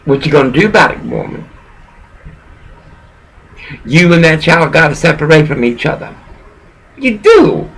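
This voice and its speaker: A man's voice: on the high side, moderate pace, long pauses, a bit bright, poor audio. A man who is a pastor, giving a rambling, profane preaching rant as he lectures someone directly.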